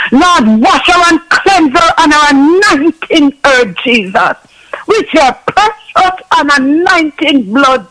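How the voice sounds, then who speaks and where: High-voiced man in fervent prayer. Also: pushed and bright, rough recording. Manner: impassioned, ends nearly every phrase with a drawn-out call to God. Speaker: minister praying for a caller.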